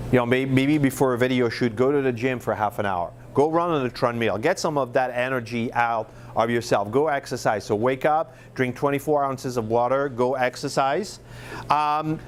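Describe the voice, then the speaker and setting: Speaking at a medium pitch, this middle-aged man from France leads a marketing workshop in a relaxed, talkative style. His French accent is clear, and he often uses fillers and starts his sentences over.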